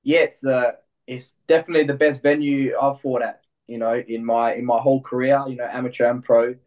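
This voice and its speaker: A young Australian man answers interview questions in a relaxed, halting way, often restarting his phrases. His voice sounds dull and a bit distant, as if it came from a remote call. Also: mid-range voice. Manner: laid-back, halting, repeats words. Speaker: fighter, guest. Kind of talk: casual interview.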